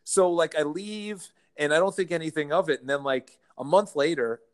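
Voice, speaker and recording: A man, a real estate broker, telling stories as a guest in a casual interview, lively and laughing as he goes. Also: a little high, moderate pace, smooth. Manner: animated, acts out quotes, laughs while telling stories.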